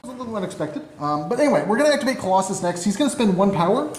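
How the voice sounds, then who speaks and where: A man with a slightly high voice talks through his turns of a miniatures game, cracking jokes at his own expense. The room is echoey, with a faint hiss under the talk. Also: big pitch swings, racing, a little mellow. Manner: self-deprecating, joking, narrates his moves aloud. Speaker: tabletop game player and channel host. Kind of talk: casual battle report commentary.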